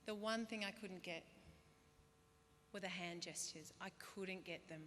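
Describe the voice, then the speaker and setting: Aussie woman doing a funny graduation speech, bright voice, long hall echo, faint room noise. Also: on the low side, steady tone, a little slow. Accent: Australian. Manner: self-deprecating storyteller, bursts of loud put-on voices. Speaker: guest speaker. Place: large hall. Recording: reverberant hall, faint ambience.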